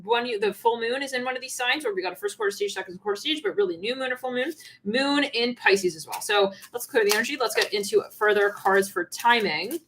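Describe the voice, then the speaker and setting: Woman tarot reader, fairly high voice, giggly and rambling, faint background noise. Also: lively intonation, brisk, creaky, a bit bright. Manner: giggly, rambling, laughs often. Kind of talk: channeled tarot reading livestream.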